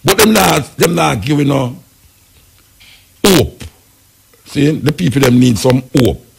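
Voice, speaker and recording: Jamaican male radio host, gravelly and husky voice, argues in patois. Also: mid-range voice, animated, takes it slowly. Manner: Jamaican patois, speculative, argumentative. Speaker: radio talk show host. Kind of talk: casual radio talk.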